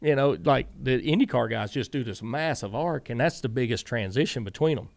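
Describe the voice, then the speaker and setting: This middle-aged former racing crew chief, speaking with a Southern US drawl, strings together rambling anecdotes in a casual interview, quoting himself and others with plenty of "I said." His rough, gravelly voice is mid-range and fairly quick, recorded dry and close with no room sound.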